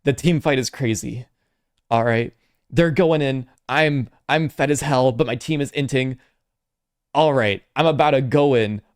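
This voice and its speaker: Bored gamer guy calling his own plays in a flat monotone, no passion at all, a streamer doing a bit. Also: medium pitch, measured pace, smooth, dry recording, studio quality, lightly acted. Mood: deadpan. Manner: monotone, unexcited play-by-play. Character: bored, flat-voiced male gaming streamer.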